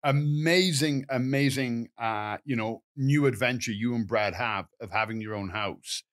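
A man co-hosting a gardening podcast, giving confident advice and telling animated stories. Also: medium pitch, unhurried. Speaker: gardening expert co-host. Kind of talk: casual podcast chat.

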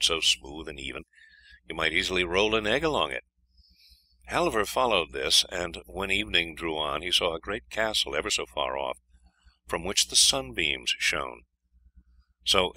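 A man reading a fairy tale aloud in an expressive, lively storytelling manner. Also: low-pitched, poor audio. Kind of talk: scripted fairy-tale narration.

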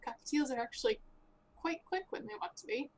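Higher-voiced woman player chatting. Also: lively intonation, fairly quick, slightly rough. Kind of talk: casual chat during a tabletop game.

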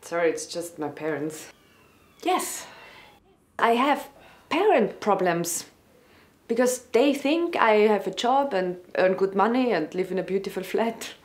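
A woman's voice: mid-range voice, expressive, natural voice. An actress with an Austrian accent playing an awkward, confused young woman who hesitates and stumbles over her words in a sitcom. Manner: hesitant, halting and self-conscious. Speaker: aspiring comedian. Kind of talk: sitcom acting.

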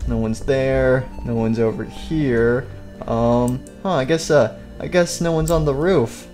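A man's voice: mid-range voice, fairly even intonation, a little slow, darkish tone, soft background music. A man rambling to himself as he searches around during a game roleplay. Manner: rambling, talks to himself while playing. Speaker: roleplay creator and seeker.

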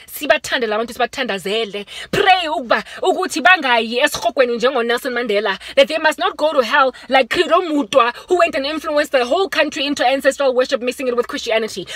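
A South African woman giving a fervent, preaching vlog monologue from inside a car, moving between urgent raised warnings and hushed appeals. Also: sits high, dry recording. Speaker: Christian vlogger.

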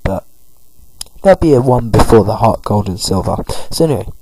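A man's voice: on the low side, expressive, brisk, warm tone, husky, poor audio. A man giving a chatty, rambling walkthrough of a video game as its commentator.

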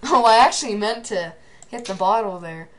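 A teenage girl giving excitable gameplay commentary, often shouting at the game. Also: medium pitch, normal speed, slight background noise.

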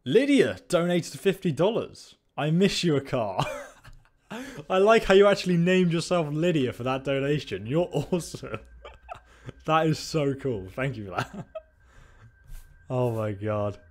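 A young man giving joking, excitable commentary on a live stream, swearing and laughing. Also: fairly high pitch, unhurried. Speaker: gaming streamer.

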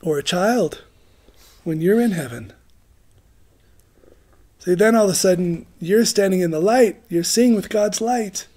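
A man's voice: sits high, lively intonation, a little slow, pauses often, dark tone. A middle-aged man giving an informal, rambling sermon, joking about himself and laughing often. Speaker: preacher.

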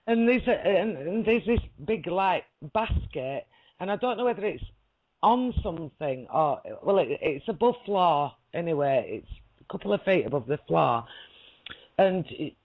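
A woman's voice: fairly low pitch, lively intonation, normal speed. A woman, a guest rambling through a story in a casual chat, laughing often and checking that she is understood. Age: 40s. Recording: lo-fi audio.

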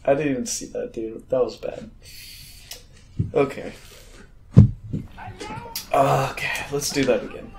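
This man speaks at a normal speed in a mid-range voice with fairly even intonation, leaving long pauses. He's a gamer doing easygoing let's-play commentary on a shooter campaign, jumpy and self-mocking as he talks to himself and his viewers. Behind him, loud game gunfire and battle noise echo in a roomy space.

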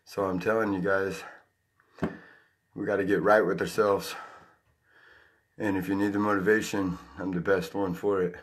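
A man's voice: low voice, flat delivery, normal speed, pauses often. A man, out of breath after a jog, giving a preachy, pumped-up motivational talk to his viewers. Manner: pumped-up, preachy, with loud whooping shouts. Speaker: motivational speaker. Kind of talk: motivational vlog monologue.

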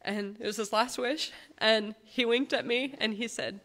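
A granddaughter delivers a heartfelt eulogy as a memorial tribute, telling personal stories in a halting way. Her voice is fairly high-pitched, steady in tone, and a bit bright.

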